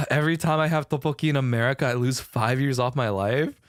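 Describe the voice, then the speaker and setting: A man's voice: medium pitch, smooth, no echo, studio quality. A man chatting casually on a live stream, rambling, restarting sentences and swearing often. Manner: rambling, heavy swearing, frequent self-restarts.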